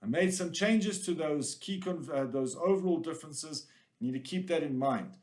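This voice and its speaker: A man teaching an exam revision lesson with lots of energy and jokes. His voice sits a little higher than most men's. He is direct and punchy when he gives instructions. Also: moderate pace, darkish tone.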